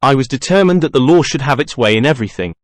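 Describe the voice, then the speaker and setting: With lively intonation, a man reads a first-person audiobook in a controlled, middle-pitched voice punctuated by dramatic outbursts. A close studio mic keeps the sound dry, free of echo or any sense of a room.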